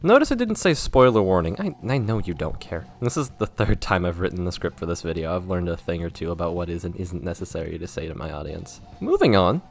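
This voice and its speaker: A man's voice: deep voice, big pitch swings, fairly quick, vocal fry, hardly any pauses, faint music behind. Sarcastic young man reviewing a game. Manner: sarcastic, self-mocking, wry asides. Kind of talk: scripted video essay commentary.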